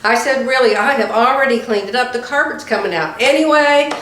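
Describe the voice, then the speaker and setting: An older woman with a fairly high voice tells a story in a rambling, chatty way, breaking into laughs as she goes. Her voice bounces around a roomy, echoey space. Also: fairly quick, a bit bright, a little hiss or hum. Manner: chatty, laughs often while telling a story. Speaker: vlogger. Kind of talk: casual storytelling. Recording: roomy echo.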